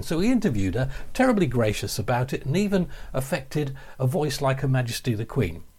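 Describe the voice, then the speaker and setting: An older man from England telling a radio anecdote, animated and slipping into other people's voices. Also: medium pitch, slightly rough. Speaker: radio storyteller. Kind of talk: anecdotal storytelling.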